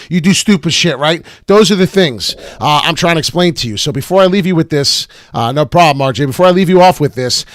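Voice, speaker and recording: A man's voice: on the high side, a bit bright, no echo, studio quality. A man hosting a casual livestream about crypto charts, brash and profane, tossing out rhymes and hype as he talks. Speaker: crypto chart analyst and show host. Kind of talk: casual livestream market commentary.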